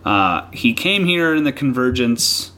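A man co-hosting a casual podcast about comics, talking in an excited, rambling way with frequent laughs and restarts. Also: mid-range voice, unhurried. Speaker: podcast co-host.

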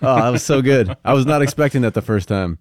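A man's voice: mid-range voice, animated, fast talker, darkish tone, no room sound, studio quality. A man co-hosting a casual movie podcast, easygoing and chuckling now and then.

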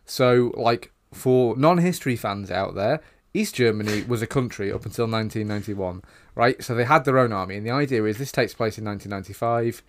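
A man's voice: fairly low pitch, a little fast, a little hiss or hum. A man co-hosting a podcast, giving sardonic, opinionated rants in casual chat. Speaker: podcast co-host.

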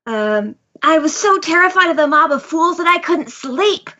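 A woman voicing a bitter, vengeful male shogun villain, stretching out the words slowly. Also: high-pitched, animated, bright, forceful tone, pitched above the performer's own voice. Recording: slightly muffled podcast audio.

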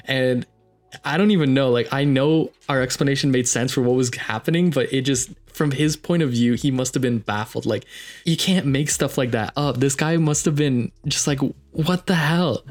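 A man's voice: medium pitch, normal speed. Rambling young man telling a story. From Canada, Ontario. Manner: rambling, filler-heavy, animated retelling. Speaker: podcast host. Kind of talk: casual storytelling.

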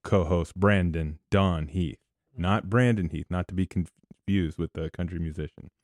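A man's voice: low voice, unhurried, darkish tone, dry recording. A man hosting a casual podcast, upbeat and joking as he introduces guests. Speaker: podcast host.

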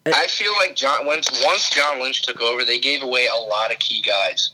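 A young man co-hosting a sports podcast, excitable and emphatic, often throwing in "dude" and "man". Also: medium pitch, moderate pace, noisy background. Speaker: podcast co-host. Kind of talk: casual sports chat.

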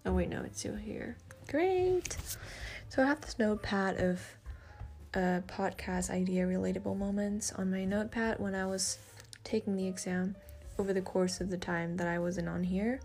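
A teenage girl with an Australian accent, rambling in a casual solo podcast, soft-spoken and self-deprecating, thinking aloud. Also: mid-range voice, flat delivery, normal speed. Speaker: podcast host.

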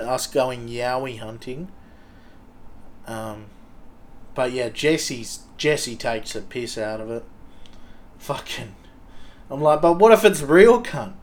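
A young man with an Australian accent talks at an unhurried, slow pace. He rambles through a casual story in a laid-back way, swearing often and filling pauses with ums and likes. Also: mid-range voice, slight background noise. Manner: laid-back, heavy swearing, many fillers.

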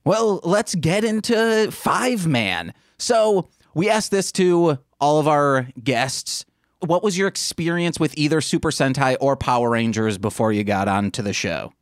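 A man's voice: fairly high pitch, unhurried, dry recording, studio quality. A man co-hosting a podcast, chatting casually and telling jokey stories. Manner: joking, animated storyteller. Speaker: podcast co-host. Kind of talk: casual chat.

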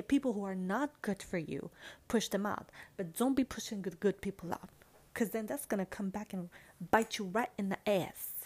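A young woman hosting a casual solo podcast, talking in an animated, chatty way, swearing casually and slipping into playful voices. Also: mid-range voice. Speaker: podcast host.

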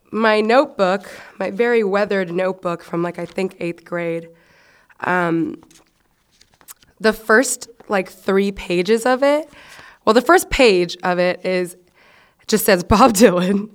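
A woman's voice: mid-range voice, takes it slowly. A young woman casually reading entries from her old teenage journal, joking and swearing at herself. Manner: self-mocking, laughing, swearing. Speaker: vlogger.

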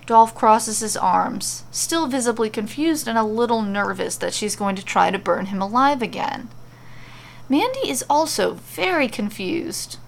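A woman reading a fantasy story aloud as a podcast storyteller, with steady descriptive narration. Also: a little high, a little slow, creaky.

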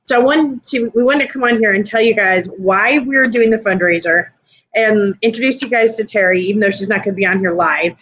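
A woman's voice: mid-range voice, brisk, fairly bright tone, dull audio. A woman co-hosting a live stream, chatting casually and rambling with lots of fillers. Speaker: podcast co-host.

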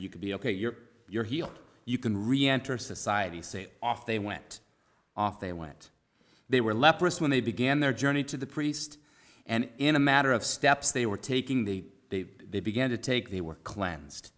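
A man preaching a conversational sermon, earnest, repeating key phrases and dropping to a soft hush for emphasis. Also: fairly low pitch, normal speed.

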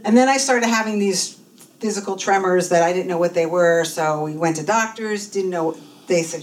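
Telling her own story at church, this woman in her fifties, a church speaker training for ministry, imitates the voices of those she quotes. She speaks at a normal speed in a fairly low voice, recorded from across a room with faint background noise.

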